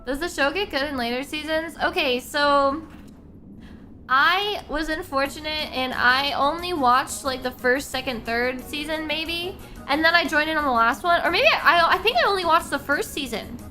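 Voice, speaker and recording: High, bright young woman streamer. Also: normal speed, soft background music. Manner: rambling, giggly, with many restarts and fillers. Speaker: VTuber streamer. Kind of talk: casual live-stream chat.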